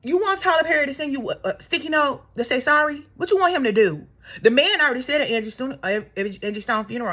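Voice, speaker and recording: A woman's voice: a little high, fairly bright tone. A woman in her thirties giving a sassy, exasperated opinion rant straight to her viewers. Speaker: commentary vlogger.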